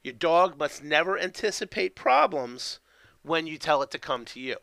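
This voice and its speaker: A man teaches obedience basics in a casual, rambling way, stopping after each point to ask "okay?". His voice is bright and crisp and pitched a little high. The recording is dry, with no room sound. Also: expressive, normal speed, dry recording. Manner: keeps tagging sentences with "okay?"; loose, conversational, with fillers and restarts. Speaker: dog training instructor. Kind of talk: instructional talk.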